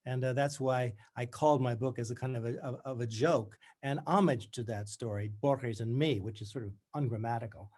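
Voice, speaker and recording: A man's voice: medium pitch, darkish tone. Reflective man in his seventies. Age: 70s. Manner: reflective, measured storyteller. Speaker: author. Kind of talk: conversation and reading from his book.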